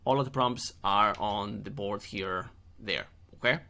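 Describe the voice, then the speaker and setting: A man's voice: lowish voice, unhurried, gravelly, pushed and bright. A middle-aged man hosting a screen-share tutorial, chatty and jokey with playful asides. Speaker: SEO channel host.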